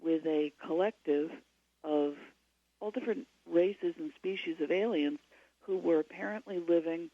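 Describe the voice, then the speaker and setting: A woman guest talking casually in a radio interview, chatty and full of restarts, heard over a remote line. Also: deep voice. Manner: chatty, many fillers and restarts. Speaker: guest author. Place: at home. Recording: slightly dull lo-fi line.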